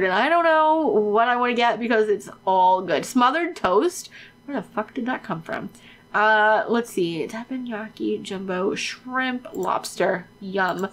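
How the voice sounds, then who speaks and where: A woman giving casual, excitable gameplay commentary on her own let's play, chatty and swearing freely. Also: fairly high pitch.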